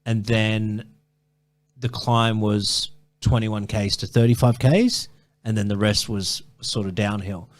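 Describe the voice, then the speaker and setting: A man's voice: on the low side, fairly even intonation, takes it slowly. A man telling a long running story in a casual interview, rambling and swearing, with many restarts. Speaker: ultrarunner guest.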